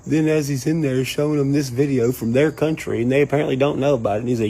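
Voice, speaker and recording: A man ranting casually and profanely, rambling and animated. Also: mid-range voice, quick pace, few pauses, breathy edge, poor audio. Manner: profane, rambling, animated, quotes people in mock voices. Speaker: online commentator. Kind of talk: casual rant to camera.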